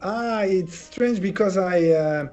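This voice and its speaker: French man, native French, high voice, hesitant non-native English, lo-fi interview audio. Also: darkish tone, faint music behind. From France. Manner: halting, searching for English words. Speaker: actor, interview guest. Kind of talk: casual interview answers.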